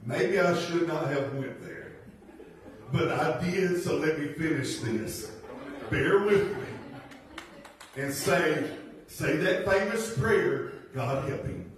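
Folksy pastor in an echoey church. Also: male voice, on the high side, slow, long pauses, distant mic, a crowd in the background. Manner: folksy, laughing asides, rhetorical questions. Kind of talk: sermon. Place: church sanctuary.

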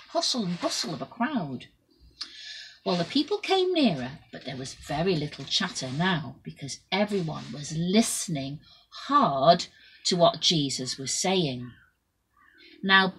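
A woman telling a Bible story to children in an expressive way, shifting between loud and soft. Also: fairly low pitch, slight background noise, poor audio.

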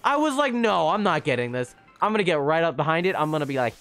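Excitable man streaming gameplay. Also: quick pace, hardly any pauses, smooth, soft background music. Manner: excitable, chatty, sudden high squeals. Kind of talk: live gameplay commentary.

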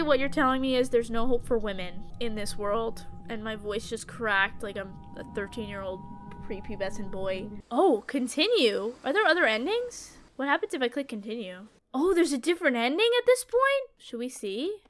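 A woman's voice: a little high, animated, moderate pace, fairly bright tone, soft background music. A woman streamer giving joking running commentary on a horror game as she plays, talking back to the game and screaming at the scares. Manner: jokey, talks to the game, screams at jump scares. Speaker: gaming streamer.

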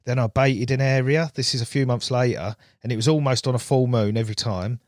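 A man's voice: medium pitch, fairly even intonation, a little fast, a little mellow, no echo. Man, casual podcast guest, storytelling, dry studio sound. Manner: storytelling, laughs often. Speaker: guest angler.

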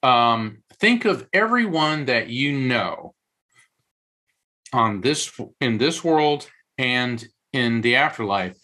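Bright-voiced man explaining eagerly. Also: mid-range voice. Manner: animated storyteller, does quick voices in anecdotes. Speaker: psychic medium guest. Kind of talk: conversational interview explanation.

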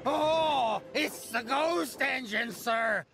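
A man voicing a sneering, teasing male diesel engine in a storybook reading, high and jumpy. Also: extremely slow, creaky, pushed and bright, faint music behind, exaggerated voice. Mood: frightened.

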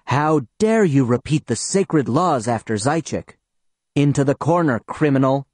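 A man's voice: mid-range voice, expressive, unhurried, darkish tone, no room sound. A man voicing a strict female Soviet schoolteacher in an audiobook, sweetly polite one moment and sharply stern the next. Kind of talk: audiobook reading.

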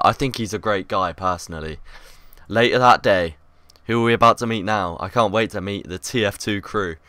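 A man's voice: lowish voice, a bit bright. A man giving upbeat, joking commentary while playing a game. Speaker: YouTuber. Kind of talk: casual gameplay commentary.

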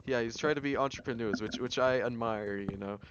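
A man's voice: medium pitch, fairly quick, noisy background. A man casually chatting with friends while gaming, laughing often and teasing. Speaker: gamer. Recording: slightly muffled voice chat.

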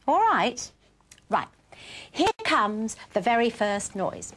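A woman hosting a children's programme, her fairly high voice swooping up and down as she coaxes and praises little ones. She talks in a bright, playful, teacherly way, gently urging the children to join in. A faint noise sits behind her voice. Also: very animated, slow pace. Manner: bright, encouraging, sing-song teacher talk to small children. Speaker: children's TV presenter. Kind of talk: children's television presenting.

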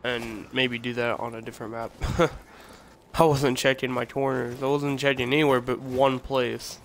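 A man's voice: mid-range voice, flat delivery, moderate pace. A man streaming a shooter game, commenting casually and mocking himself and his teammates. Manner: self-mocking, exasperated outbursts at teammates. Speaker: gamer streaming his play. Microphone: phone recording. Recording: noisy game audio underneath.

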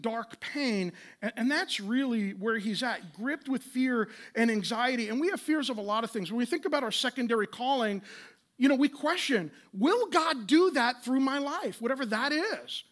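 A pastor in his late thirties preaching a sermon in a conversational, impassioned way, with rhetorical questions and quick restarts. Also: very high voice, animated, a bit bright.

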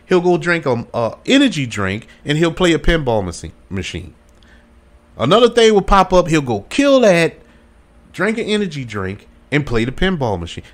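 Podcast host, man, lively pitch, chatty and rambling, laughs a lot. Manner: enthusiastic, laughs often, rambling. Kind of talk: casual solo podcast chat.

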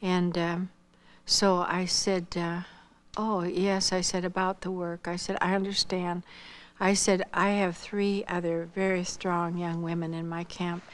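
A woman's voice: lowish voice, flat delivery, measured pace. A woman giving a spoken missionary testimony, telling her story earnestly and quoting the dialogue.

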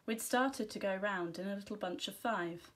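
A woman teacher reading a children's storybook aloud, giving gentle, expressive first-person narration. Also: medium pitch, moderate pace.

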